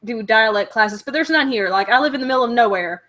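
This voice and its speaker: A woman's voice: fairly high pitch, animated, fast, fairly bright tone. A young woman from Alabama with a Southern accent, hosting a casual web chat and reading out viewer comments, with lots of "like" fillers. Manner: chatty, frequent "like" fillers. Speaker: host of a live web show.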